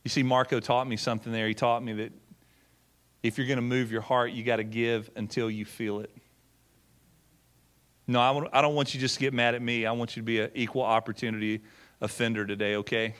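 A man's voice: mid-range voice, flat delivery, a little fast, long pauses, a bit bright. A middle-aged man, a pastor, telling a story in a sermon in a folksy way, acting out quotes and often repeating words. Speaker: pastor and former missionary.

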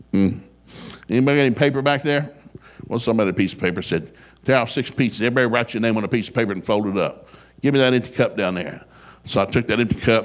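An older man telling a funny family story in a folksy, animated way, his voice jumping up when he quotes himself. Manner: folksy, animated, gets loud and high when quoting himself.

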